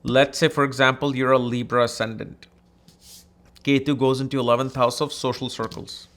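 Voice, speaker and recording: Animated man teaching astrology. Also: medium pitch, normal speed. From India. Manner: animated, conversational, mimics people in anecdotes. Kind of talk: casual astrology lesson.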